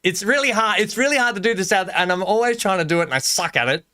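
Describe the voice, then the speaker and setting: A man's voice: high-pitched, expressive, quick pace, bright, forceful tone. A young adult man with an Australian accent, chatting casually on a live game stream, rambling and joking and laughing a lot as he reads out chat.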